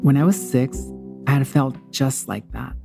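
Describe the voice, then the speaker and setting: A woman's voice: rumbling low, unhurried, vocal fry, over music. Heartfelt woman telling her own story. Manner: candid, heartfelt, conversational. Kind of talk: personal storytelling.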